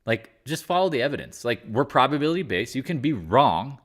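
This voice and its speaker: A man's voice: mid-range voice, sing-song, a little fast, a bit bright. A man hosting a casual live market chat, talking in a blunt, rambling and exasperated way. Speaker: market commentary host.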